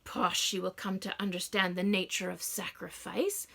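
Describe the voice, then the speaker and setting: A woman's voice: lowish voice, flat delivery, moderate pace, creaky, sharp tone, full character voice. Woman doing a deranged sing-song lady. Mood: coaxing.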